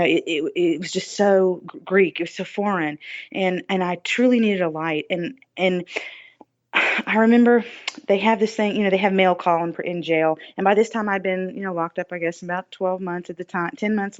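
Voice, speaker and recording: A woman recounts her own story as a podcast guest, earnest and full of fillers and restarts. Her voice sits on the low side, and the recording is dull and lo-fi. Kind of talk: personal testimony in a podcast interview.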